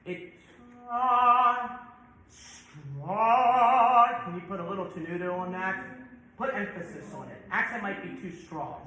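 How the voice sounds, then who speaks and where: A man's voice: high-pitched, animated, normal speed, sharp tone, a little hiss or hum. A man directing a choir rehearsal, breaking into song to demonstrate and stopping often to correct the singers. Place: church sanctuary. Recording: very echoey church room.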